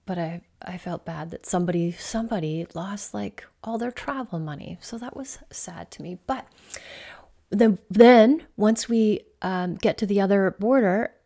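A woman's voice: on the low side, normal speed, gravelly, few pauses, darkish tone. A woman, a coach hosting her own podcast, casually telling a personal travel story in a chatty, rambling way full of "like".

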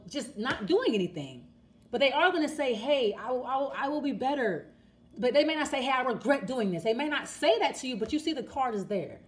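Woman doing a tarot reading, high voice, chatty, keeps restarting, faint noise behind. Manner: chatty, repeats words and restarts, talks straight to the viewer. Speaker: tarot reader. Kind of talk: casual tarot reading to camera.

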